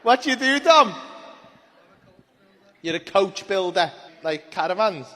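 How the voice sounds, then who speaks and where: A man's voice: high voice, animated, unhurried, sharp tone, in a large hall. A man mockingly quizzing someone in a crude, laddish comedy sketch. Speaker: mocking interviewer.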